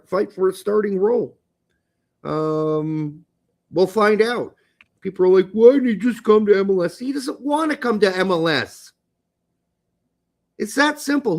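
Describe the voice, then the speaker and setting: A man with a notably high voice co-hosts a soccer podcast. He talks bluntly and casually, tossing in swearing and jokey asides. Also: vocal fry. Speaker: podcast co-host.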